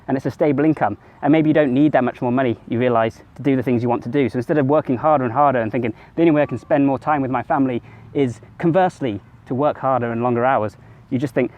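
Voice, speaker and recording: Fast-talking man vlogging. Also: medium pitch, highs cut off. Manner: rambling, conversational, corrects himself mid-sentence. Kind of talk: casual self-help monologue to camera.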